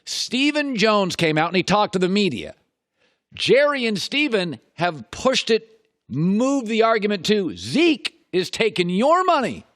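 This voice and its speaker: A middle-aged man hosts a sports talk show in a lively, swooping voice. He leans on rhetorical questions and hammers his points by repeating them. The sound is close and dry. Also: high-pitched, a little slow, dry recording. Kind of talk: opinionated sports talk monologue.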